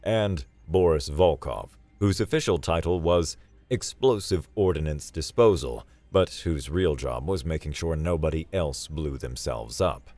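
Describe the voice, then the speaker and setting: A man narrating a sci-fi story in a dry, steady storytelling manner. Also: extremely low pitch, measured pace, no echo, faint music behind. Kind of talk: scripted narration.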